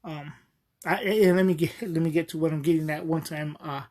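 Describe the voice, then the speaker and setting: A man's voice: fairly high pitch, steady tone, a little fast, a little mellow. A man hosting a podcast in a casual, rambling monologue, with many fillers and frequent chuckles. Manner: chuckles often while telling stories. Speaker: podcast host.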